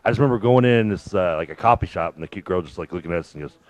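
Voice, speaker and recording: A man in his thirties with a Kentucky accent, co-hosting a casual chat and telling joking stories with quick asides. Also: low-pitched, no echo. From Louisville, Kentucky. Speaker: co-host.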